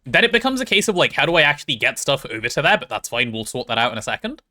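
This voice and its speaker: A man streaming a game, chatting casually with his chat and thinking out loud as he plays. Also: mid-range voice, big pitch swings, rapid-fire. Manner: chatty, thinks aloud while playing and answers chat.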